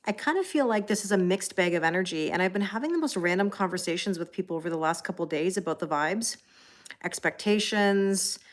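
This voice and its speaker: A woman's voice: lowish voice, brisk. A tired Canadian woman hosting a tarot livestream in casual chat, greeting viewers by name with frequent ums and light laughs.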